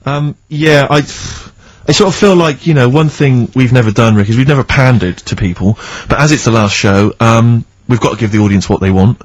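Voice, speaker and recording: A man's voice: medium pitch, moderate pace, hardly any pauses, no echo, poor audio. A man co-hosting a radio show, with a dry, wry way of talking and hesitant fillers. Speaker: radio co-host. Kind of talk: casual radio banter. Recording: dry studio mic.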